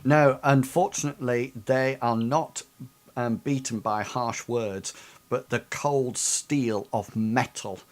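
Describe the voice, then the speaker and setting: Slow, halting male game master. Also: mid-range voice, fairly even intonation. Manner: hesitant, many ums while narrating. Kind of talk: narrating a tabletop game.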